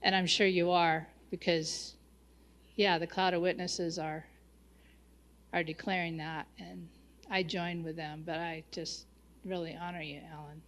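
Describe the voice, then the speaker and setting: A woman in a church group chat, effusive and halting as she gives praise, with many restarts. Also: lowish voice, level tone, fairly bright tone. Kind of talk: casual chat.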